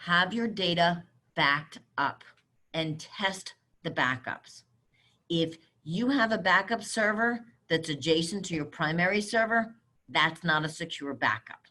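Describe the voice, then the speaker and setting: Middle-aged woman doing a webinar, kinda low voice, brisk and direct. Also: animated, pushed and bright. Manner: brisk, direct advice-giving. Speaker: webinar speaker on cybersecurity. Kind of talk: webinar presentation.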